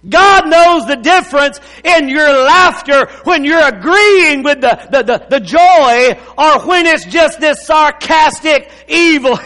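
A preacher delivers a sermon in an unhurried, folksy way, breaking into laughter and teasing asides. His voice sits very high and bright, and it rings out with a long reverb, as in a large sanctuary. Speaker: pastor.

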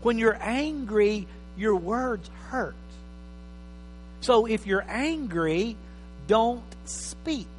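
A man preaching a sermon as pastor, emphatic, swinging from loud bursts to quiet asides. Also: sits high, lively intonation, extremely slow. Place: church hall. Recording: reverberant hall with faint mains hum.

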